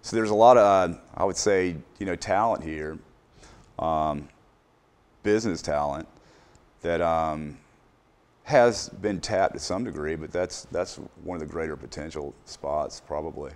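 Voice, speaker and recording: A man's voice: low voice, a little slow, darkish tone. A middle-aged man, a business owner answering interview questions casually, with many fillers and restarts.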